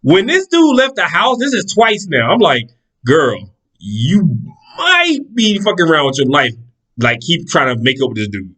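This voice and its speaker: Animated profane storyteller man. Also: fairly high pitch, moderate pace, poor audio. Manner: animated, profane, acts out the people in his stories. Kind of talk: casual storytelling monologue.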